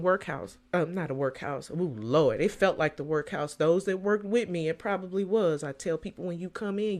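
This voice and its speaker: A middle-aged woman hosting a solo podcast as a coach, talking casually and preaching with lively swings in her voice. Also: on the low side.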